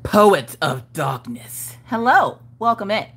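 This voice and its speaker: Her voice is mid-range, husky and sing-song, and she takes her time as she hosts a casual crafting livestream. Playful and laughing, she calls out viewers by name and reads their comments aloud.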